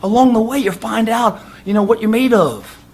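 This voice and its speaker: A man's voice: high voice, normal speed. A man giving an intense, profane, emphatic fitness motivational talk. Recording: echoey room.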